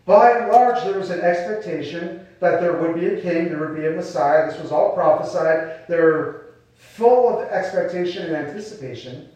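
Male pastor, slightly high voice, conversational sermon delivery; very reverberant hall, distant mic. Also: normal speed, darkish tone. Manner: explains scripture in a casual, conversational way with rhetorical questions. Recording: very echoey room, voice from a distance.

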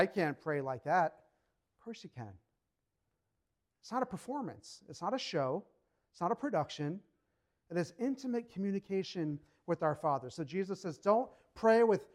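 A man with a notably high-pitched voice preaches a sermon to his congregation. He talks casually and acts out the people he quotes. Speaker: pastor.

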